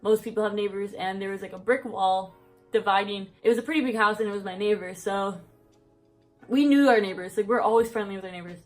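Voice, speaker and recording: A woman's voice: mid-range voice, quick pace, soft background music. A young woman telling a story on her vlog in casual chat, rambling with lots of fillers and a bit out of breath. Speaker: vlogger.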